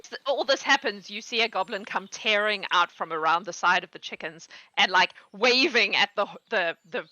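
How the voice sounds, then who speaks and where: A woman's voice: mid-range voice, normal speed, bright, forceful tone, no echo, highs cut off. A woman running a tabletop game as game master, narrating with many fillers.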